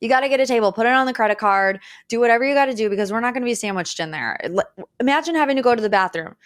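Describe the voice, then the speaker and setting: A woman's voice: fairly high pitch, racing, no room sound. Chatty woman telling stories, dry close mic. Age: 30s. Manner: chatty, dramatic, animated storytelling. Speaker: podcast host. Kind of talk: casual solo chat. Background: faint weed whacker outside.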